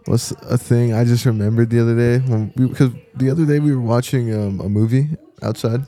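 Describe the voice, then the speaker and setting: A man's voice: mid-range voice, fairly even intonation, brisk, warm tone. A young man, a podcast co-host, chatting casually in a laid-back way with lots of fillers. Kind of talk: casual chat.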